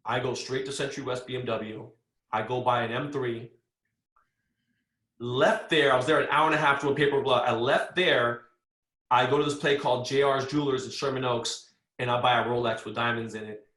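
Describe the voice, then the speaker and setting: A man telling a story as a podcast guest, animated and full of slang, acting out the other people's lines. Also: medium pitch, moderate pace, reverberant. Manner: animated, acts out quoted dialogue with slang. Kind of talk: casual storytelling.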